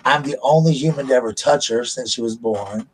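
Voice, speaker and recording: A man's voice: mid-range voice, brisk, slight background noise, low-quality recording. A man, casually telling stories on his vlog and laughing at them. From United States. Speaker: vlogger. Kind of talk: casual storytelling.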